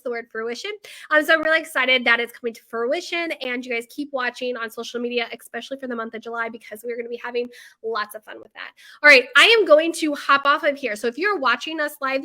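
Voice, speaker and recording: Casual lady rambling on a live stream, bright punchy voice, kinda high. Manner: chatty, animated storyteller with frequent fillers. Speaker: bakery owner hosting a live video.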